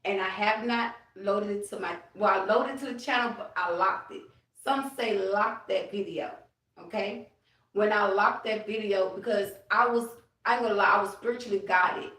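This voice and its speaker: A woman chatting casually to her viewers during a livestream, animated, and now and then speaking to her late grandfather. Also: medium pitch, far from the mic. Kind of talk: casual live chat. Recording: roomy, off-mic phone audio.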